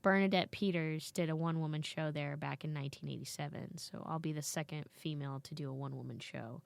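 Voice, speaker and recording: A woman comedian in her thirties talks casually on a podcast, telling animated stories. Her voice sits a little low. The sound is dry and close, with no room echo. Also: fast, creaky. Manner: animated storyteller, acts out quoted voices. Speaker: comedian guest.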